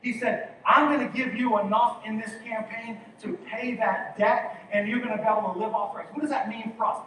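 A man's voice: sits high, steady tone, fairly quick, bright, forceful tone. A man preaching a sermon as pastor, exhorting his congregation and calling for them to answer back. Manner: exhorting, calls for congregation responses. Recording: very echoey hall, distant mic, faint noise.

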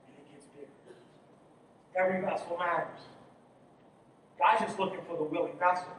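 A man with a strikingly high voice preaches a sermon, urging his congregation on and asking them to answer back. He sits well off the mic, and his words ring around a very reverberant church hall over a faint background hiss. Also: steady tone, moderate pace, long pauses, a bit bright. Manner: exhorting, calls for congregation responses. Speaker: pastor. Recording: very echoey hall, distant mic, faint noise.

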